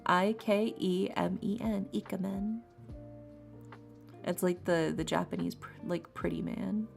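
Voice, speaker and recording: A woman's voice: mid-range voice, gravelly, darkish tone. A woman streamer doing tarot readings in a rambling, chatty way, laughing often and repeating herself. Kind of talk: casual live-stream chat. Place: home streaming setup. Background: faint lofi music.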